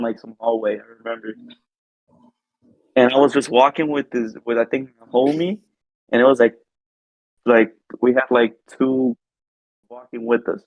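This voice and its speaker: A man's voice: medium pitch, no room sound. A young man, a podcast co-host, telling a rambling, filler-heavy story in casual chat. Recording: dull lo-fi sound.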